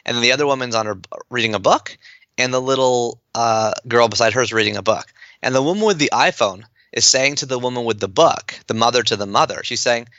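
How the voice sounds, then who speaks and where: A man talking as a podcast guest, animated and fast, with lots of fillers and restarts. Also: mid-range voice, dry recording, muffled recording. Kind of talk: enthusiastic conversational interview.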